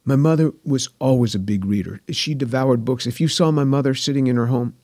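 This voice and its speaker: A man in his sixties giving earnest personal testimony as an interview guest, repeating phrases and going soft and hushed when moved. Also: medium pitch, a little fast, dry recording, clean studio sound. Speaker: guest, scientist.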